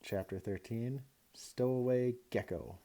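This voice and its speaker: A male teacher reading a children's chapter book aloud to his class with expressive storytelling. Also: medium pitch, a little slow.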